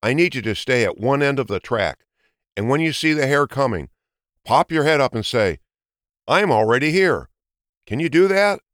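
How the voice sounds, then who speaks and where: A man's voice: medium pitch, big pitch swings, normal speed, a bit bright, no room sound, clean studio sound, voice pushed up. A man voicing a polite, earnest male hedgehog in a storybook reading. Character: polite short-legged male hedgehog, clever. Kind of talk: storybook narration.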